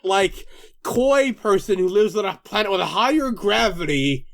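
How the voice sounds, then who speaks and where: Excitable co-host, lively pitch, swears and laughs mid-sentence. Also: male voice, moderate pace, vocal fry. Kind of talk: comedic fanfic riff.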